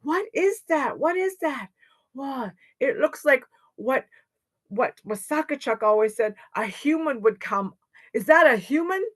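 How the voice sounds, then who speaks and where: A gaggle of excitable animals from a spoken legend, all squealing high and loud, as a woman storyteller voices them. They react with eager, breathless energy. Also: a little slow, heavily acted. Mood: alarmed. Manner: excited, cheering. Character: crowd of worried, excitable animals.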